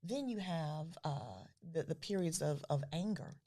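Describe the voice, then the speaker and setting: Husky, earnest middle-aged woman. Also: sits low, measured pace. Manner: earnest, with soft, breathy trailing phrases. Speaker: guest, grief foundation founder. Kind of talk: podcast interview.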